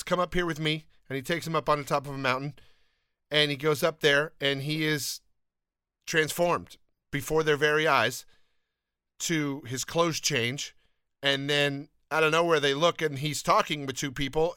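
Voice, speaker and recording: A man's voice: a little high, sharp tone, dry recording, clean studio sound. A man hosting a Bible podcast, talking in an earnest, enthusiastic and self-deprecating way, often restarting his sentences, and reading scripture aloud. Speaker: podcast host.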